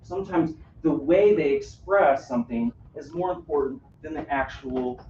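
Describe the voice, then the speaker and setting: A man's voice: on the high side, normal speed, mellow. Man, workshop presenter, engaging, asks the room questions, dull distant recording, faint background noise. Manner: engaging, asks the audience questions, frequent "right?". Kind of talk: live interactive workshop talk. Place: room on a cruise ship, live audience. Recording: roomy, distant, dull audio.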